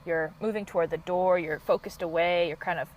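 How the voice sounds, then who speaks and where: A woman coach hosting a solo podcast, talking in a passionate, quick and high-energy way. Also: steady tone, a little mellow, low-quality recording. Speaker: podcast host and couples coach.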